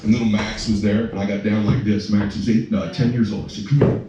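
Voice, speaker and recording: A man telling a personal story as a father, emotional and breathless, swearing and breaking into shouts. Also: fairly low pitch, little pitch movement, quick pace, dull audio, very noisy. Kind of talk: animated storytelling to an audience. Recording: echoey room from far off with music.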